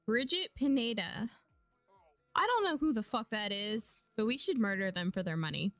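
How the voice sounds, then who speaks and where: A young woman streaming a life-sim game, chatting casually and getting excited and squealy at times. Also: fairly high pitch, normal speed, no echo, soft background music. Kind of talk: casual gameplay commentary.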